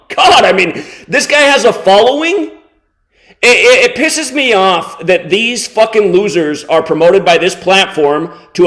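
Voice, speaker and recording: A man in his thirties delivering an angry reaction commentary, contemptuous and insulting, swearing heavily and slowing down to mock. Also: high-pitched, fairly bright tone. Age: 30s. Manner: sarcastic, slows down to mock. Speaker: online video host.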